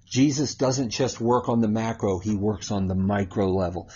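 Animated husky man teaching the Bible. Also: on the low side, moderate pace, dull audio. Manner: animated, keeps asking "right?" and laughs while explaining. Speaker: Bible teacher on a talk show.

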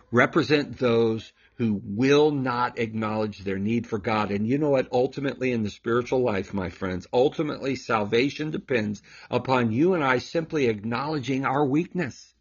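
Husky-voiced man preaching emphatically. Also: mid-range voice, moderate pace, highs cut off. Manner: emphatic, preacherly, rhetorical questions. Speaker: host of a scripture reflection show. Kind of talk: Bible reading commentary.

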